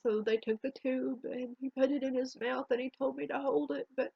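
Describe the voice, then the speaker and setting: A woman telling a painful personal story in a halting, emotional way, her voice trembling near tears, in a dull lo-fi home recording. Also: sits high, fairly even intonation, vocal fry, warm tone, husky, no room sound. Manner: halting, emotional, with restarts and long pauses. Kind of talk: personal spoken testimony.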